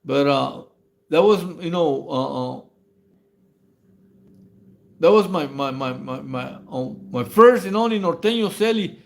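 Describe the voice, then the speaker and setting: High-voiced rambling storyteller man. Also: lively intonation, a little slow, vocal fry, pauses often. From Mexico. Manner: rambling, stammering slang-heavy storytelling with frequent laughs. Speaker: livestream host. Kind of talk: casual prison stories on a livestream.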